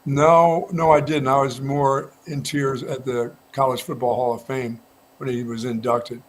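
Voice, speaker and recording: Relaxed male sports radio co-host. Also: mid-range voice, measured pace, a little hiss or hum. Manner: relaxed storytelling, frequent restarts. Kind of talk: casual sports talk. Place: radio studio.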